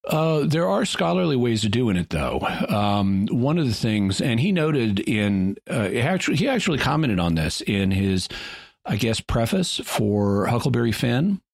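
A man's voice: medium pitch, big pitch swings, moderate pace, creaky, no room sound, clean studio sound. A man co-hosting a podcast, explaining things at length in a thoughtful, casual way, often stopping to rephrase. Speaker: podcast co-host. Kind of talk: casual discussion. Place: lives in the Ozarks.

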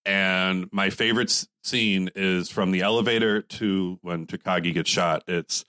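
A man co-hosting a casual movie podcast, unhurried and reflective, chuckling as he talks. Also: deep voice, steady tone, pushed and bright, clean tone, no echo. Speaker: podcast co-host.

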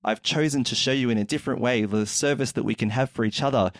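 A man hosts a relaxed chat podcast, talking in a loose, filler-heavy way as he retells what happened. His voice sits at an ordinary pitch. It is recorded close and dry, with no room sound. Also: quick pace, dry recording. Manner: chatty, retells events with quoted voices, many fillers. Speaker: podcast host. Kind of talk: casual chat.

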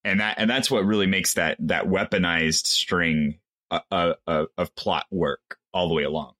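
A man's voice: low-pitched, fairly even intonation, moderate pace, bright, forceful tone. A man in a casual film discussion, making joking, critical remarks about the plot. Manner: jokey critical asides, laughs. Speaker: podcast co-host.

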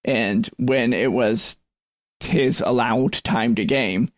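A man with a mid-pitched voice chats on a podcast panel, telling stories in an easygoing way with dry humor. He is miked close, with a dry sound. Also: slow, dry recording. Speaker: podcast co-host. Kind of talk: casual panel chat.

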